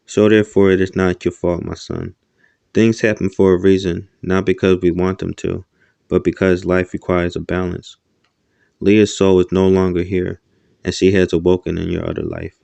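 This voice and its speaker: Man voicing an ancient paternal deity for an audiobook; consoling, dark, flat delivery. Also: low-pitched, normal speed, gravelly, no room sound. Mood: solemn. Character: ancient fatherly divine voice, calm, male.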